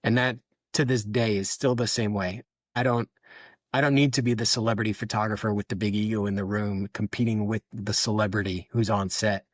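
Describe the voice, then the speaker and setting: Low-voiced man, candid and reflective. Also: fairly even intonation, fairly quick, no echo. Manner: candid, self-deprecating, storytelling. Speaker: photographer, podcast guest. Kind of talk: reflective interview talk.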